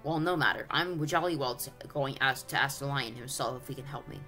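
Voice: mid-range voice, a little fast, pushed and bright, faint music behind, lightly acted. A reader voicing an earnest, determined young boy in a storybook reading. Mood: pleading. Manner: earnest, pleading.

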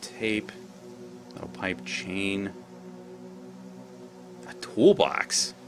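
A man's voice: low voice, drawn-out words, music in the background. A man commentating his gameplay, rambling, thinking aloud and swearing freely. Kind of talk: let's play commentary.

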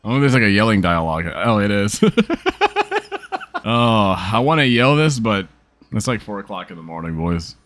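Young male game streamer, tired, profane jokes, lively lowish voice. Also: normal speed, no echo. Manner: profane, joking, laughs a lot. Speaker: gaming streamer. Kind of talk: casual gameplay commentary.

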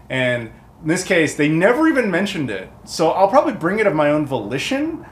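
A man's voice: a little high, very animated, fast, reverberant. A man with an American accent chatting casually to camera while unboxing packages, rambling and full of fillers. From United States. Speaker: video game collector YouTuber.

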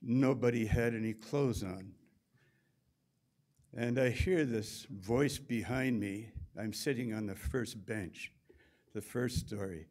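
A Canadian man in his seventies giving a memorial talk, telling wry, unhurried anecdotes. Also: on the low side, darkish tone. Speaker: memorial speaker.

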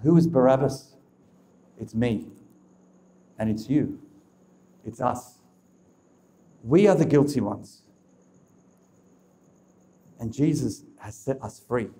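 A man's voice: medium pitch, takes it slowly, long pauses, mellow. Emphatic man preaching to a crowd. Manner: emphatic, repetitive, addresses the audience directly. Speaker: speaker of a religious talk. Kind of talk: preaching talk to a live audience.

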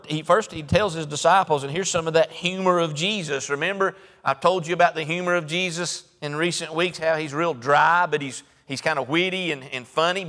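A man with a Southern accent preaches a sermon, retelling scripture in a folksy, conversational way. His voice sits fairly high, and he drops into soft asides before rising into emphatic preaching. The sound carries a long church reverb. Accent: Southern American. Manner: folksy storytelling, acts out voices of Bible figures; swings between soft low asides and raised, emphatic preaching. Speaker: pastor. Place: church sanctuary.

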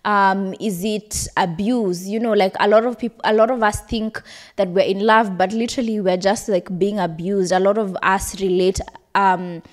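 A woman's voice: medium pitch, steady tone, normal speed. A young woman hosting a podcast, giving candid, conversational advice with an emotional edge. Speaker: podcast host. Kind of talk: personal advice talk.

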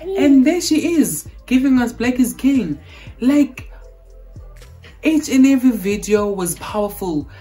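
A woman's voice: fairly high pitch, expressive, a little slow, warm tone, faint music behind, rough recording. A woman with a South African accent, gushing and repeating exclamations in a casual reaction vlog. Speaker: vlogger reacting to a film.

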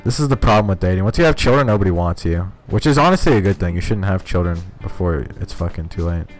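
A man streaming a video game, giving profane, rambling, self-mocking commentary in one steady speaking voice. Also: deep voice, quick pace, soft background music. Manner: talks in one steady voice, cannot scream. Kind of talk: casual live-stream commentary.

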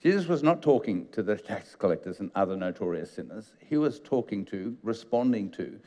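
Man preaching a conversational sermon in a reverberant hall. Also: on the low side. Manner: conversational storytelling, animated retelling. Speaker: pastor. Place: church auditorium.

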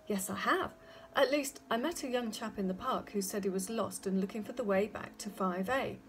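A woman's voice: medium pitch, moderate pace, a little hiss or hum, lightly acted. A woman voicing a kind, polite male hedgehog neighbour in a children's storybook reading. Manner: polite, friendly.

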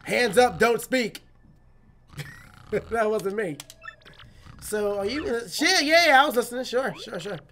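Woman gamer, casual let's play commentary, jokey, rambling, very lively pitch. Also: unhurried, long pauses, a little hiss or hum.

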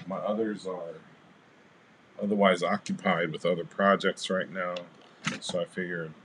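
A man's voice: low-pitched, background noise. A man hosting a casual crafting livestream, chatting with viewers and greeting them by name as he shows his cards. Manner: relaxed, rambling with fillers.

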